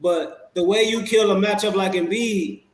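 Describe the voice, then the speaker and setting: Chill guy breaking down a game, bit high voice, echoey room sound. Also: moderate pace. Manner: relaxed, laid-back, many fillers and restarts. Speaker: podcast guest, Sixers fan. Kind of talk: casual sports talk.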